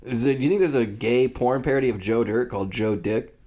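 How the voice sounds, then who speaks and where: A man trading crude deadpan one-liners in comedic banter, often breaking into laughter. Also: medium pitch, fairly quick.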